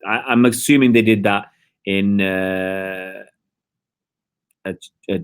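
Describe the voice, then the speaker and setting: A man's voice: fairly low pitch, steady tone, takes it slowly, clear, resonant tone. A man hosting a live stream, chatting in a rambling, hesitant way with lots of fillers and talking to his viewers. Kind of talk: casual live-stream commentary.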